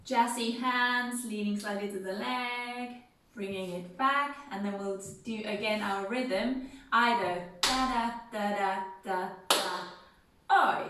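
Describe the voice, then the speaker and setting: A woman instructor leading a gentle seated music and movement class, counting beats and chanting rhythm syllables. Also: medium pitch, distant mic, a little hiss or hum. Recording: very echoey room, voice from off-mic, faint music.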